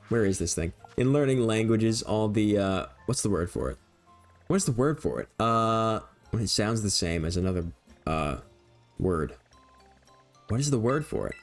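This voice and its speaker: A young man streaming a video game, rambling and joking in a casual running commentary and laughing easily. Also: fairly low pitch.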